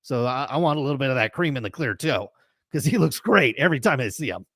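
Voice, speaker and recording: A man's voice: mid-range voice, lively intonation, fast, a bit bright, dry recording, clean studio sound. A man hosting a live sports card talk show, chatting in an emphatic, rambling way that piles up comparisons. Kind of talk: casual opinionated chat.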